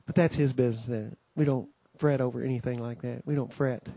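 A man's voice: medium pitch, steady tone, fairly quick, gravelly, warm tone, no room sound. A man hosting a Christian conference, welcoming the audience with homespun stories and many asides. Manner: homespun storytelling, many "you know"s, acts out quoted voices. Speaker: conference host giving the welcome. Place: conference gathering.

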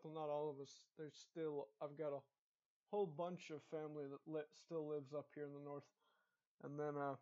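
A young man from Dallas talks in a loose, rambling way, with a Texan accent, a fairly high voice and plenty of ums and restarts. The recording sounds dull and lo-fi. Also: a little mellow. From Dallas, Texas. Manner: rambling, chatty, frequent fillers and restarts. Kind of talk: casual accent tag vlog.

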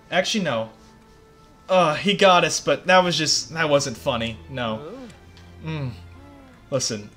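A young man giving excitable, profane commentary over his gameplay, often yelling at the game. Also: on the high side, unhurried, long pauses. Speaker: gaming video creator. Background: game music.

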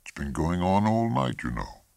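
A man's voice: low voice, very animated, moderate pace, gravelly, darkish tone, no room sound, studio quality, pitched above the performer's own voice, exaggerated voice. A man reading a story aloud, voicing a nervous, hesitant husband afraid of a hunt. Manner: anxious, hesitant. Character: nervous, frightened American husband hunter.

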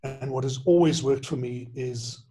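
Earnest, halting middle-aged man. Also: medium pitch, warm tone. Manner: halting, many restarts, earnest and emotional. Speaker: podcast guest, author and former headmaster. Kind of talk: reflective interview conversation.

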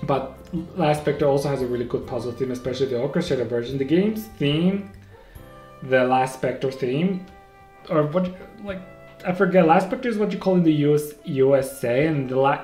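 A man hosting a casual solo podcast, rambling and excitable, often stopping to correct himself, on a home microphone. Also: medium pitch, normal speed. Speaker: podcast host. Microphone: home microphone, may clip. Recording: echoey room with faint music.

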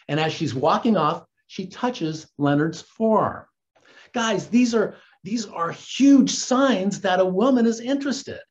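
A man working as a dating coach, giving casual, earnest advice and calling his listeners guys and gentlemen. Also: sits high, animated, normal speed, muffled recording.

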